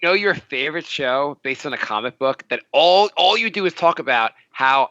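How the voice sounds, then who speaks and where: A man's voice: a little high, expressive, moderate pace, few pauses, bright, forceful tone, dry recording. A man co-hosting a podcast, teasing and joking with casual profanity. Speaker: podcast co-host. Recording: dry, slightly dull audio.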